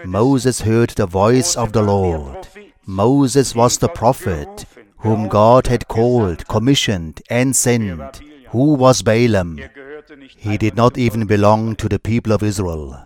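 A man preaching a sermon in slow, measured short phrases. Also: on the low side, darkish tone.

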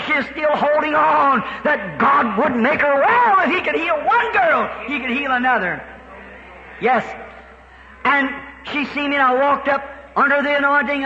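A man's voice: very high voice, bright, forceful tone. A man preaching a sermon, telling a story with fervor and shifting his pace. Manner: storytelling, fervent, speeds up and slows down. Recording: dull lo-fi recording in a reverberant hall.

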